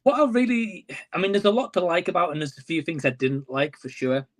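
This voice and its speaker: A man's voice: sits high, sing-song, fairly quick. A man appearing as a guest on a live movie-review stream, talking in an easygoing, enthusiastic way with plenty of fillers. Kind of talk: casual conversation.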